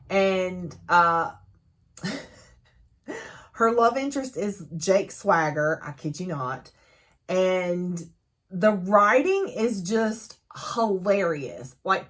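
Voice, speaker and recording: A young adult woman reviewing a book in a casual chat to camera, talking freely with fillers and frequent laughs. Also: fairly low pitch. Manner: chatty, laughs often, lively fillers.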